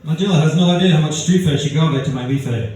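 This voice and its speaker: Deadpan stand-up man with Australian-sounding accent. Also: fairly high pitch, fast. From outskirts of London. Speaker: stand-up comedian. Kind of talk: stand-up comedy set. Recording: echoey room heard from far off, faint noise. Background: audience laughter.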